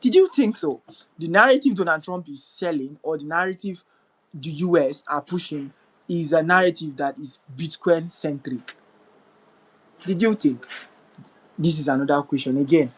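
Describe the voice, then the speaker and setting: A man's voice: a little high, normal speed, fairly bright tone, breathy edge, rough recording. A man hosting a live audio chat, giving a crypto market update and repeating figures and questions for emphasis. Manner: rhetorical, questioning.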